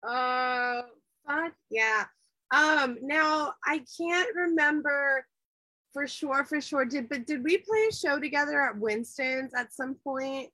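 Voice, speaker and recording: A woman's voice: high voice, slow, sharp tone, dry recording, low-quality recording. A woman hosting a casual chat show, upbeat and gushing, with casual swearing. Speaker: show host.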